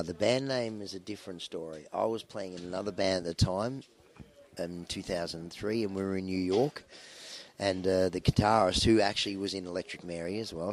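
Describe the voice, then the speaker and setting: Male rock musician, very low voice, loose anecdotal interview talk full of fillers. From Australia. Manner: rambling, anecdotal, with many fillers and restarts. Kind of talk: casual interview storytelling.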